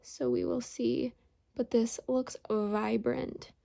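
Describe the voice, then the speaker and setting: A woman narrates a makeup tutorial in an unhurried, step-by-step way. Her voice sits a little high, with a lot of vocal fry. She talks slowly and evenly as she explains each step. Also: fairly even intonation, mellow. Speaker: beauty vlogger.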